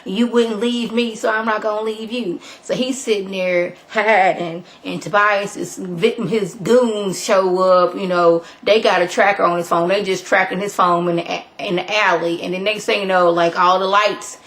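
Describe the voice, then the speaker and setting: A woman in a casual video recap, chatty and animated, filling her retelling with "like". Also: fairly low pitch, normal speed, few pauses. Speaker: vlogger.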